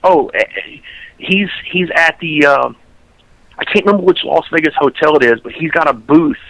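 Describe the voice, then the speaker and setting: Man for a podcast co-host; tense, bright tone, a bit high, rambles and restarts. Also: dry recording, low-quality recording. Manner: rambling, restarts sentences often. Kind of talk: casual storytelling chat.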